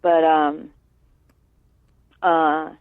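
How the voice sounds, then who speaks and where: A woman guest being interviewed, speaking earnestly and haltingly with many fillers and tag questions like "right?". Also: deep voice, level tone, no echo. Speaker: guest, sister of a late musician. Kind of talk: candid interview over the phone. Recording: dry tinny phone line.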